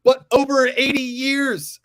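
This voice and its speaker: Male sports show host, fairly high voice, very lively, dry close sound. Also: no room sound. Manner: animated, ranting, quick to apologize for yelling. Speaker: podcast host. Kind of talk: casual sports chat.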